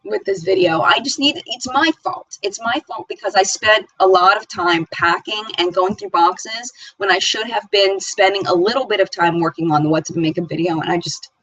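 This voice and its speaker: Chatty woman host, rambling and laughing easily, with a bright voice that sounds dry and close. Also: mid-range voice, normal speed, few pauses, breathy edge, no echo, highs cut off. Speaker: beauty channel host. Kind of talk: live chat reading viewer comments.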